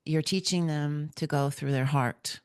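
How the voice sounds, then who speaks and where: Woman podcast host, very low voice, dry close sound, affirming, enthusiastic. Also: a little slow, clear, resonant tone, no room sound. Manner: affirming, frequent "mm-hmm", enthusiastic. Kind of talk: casual interview chat.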